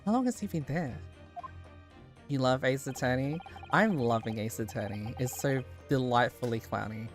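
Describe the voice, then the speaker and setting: A woman streamer chats casually while playing, rambling and giggling between thoughts. Her voice is notably low for a woman. Soft music plays faintly underneath. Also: normal speed. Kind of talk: casual game-stream chat.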